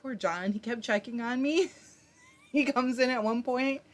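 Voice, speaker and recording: A woman's voice: on the high side, a little slow. A woman hosting a live stream, chatting casually, greeting viewers by name and reading their comments aloud. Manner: laughs often while talking. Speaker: livestream host spinning yarn.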